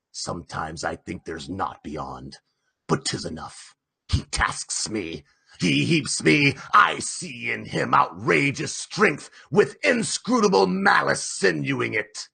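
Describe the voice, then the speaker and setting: A man voicing a fierce, obsessed old whaling captain who rants in booming, half-sobbing shouts. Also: vocal fry, slightly rough, exaggerated voice.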